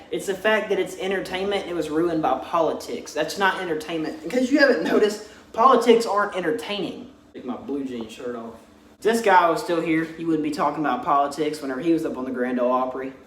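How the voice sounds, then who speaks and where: Profane man ranting in an echoey room. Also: a little high. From Texas. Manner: blunt, heavy swearing, mocking. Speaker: vlogger. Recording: roomy echo, distant mic.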